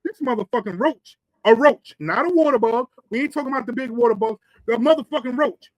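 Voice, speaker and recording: A man's voice: very high voice, quick pace, dry recording, low-quality recording. A man, co-hosting a podcast and telling a long, profane, rambling story. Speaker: podcast co-host. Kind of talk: casual storytelling.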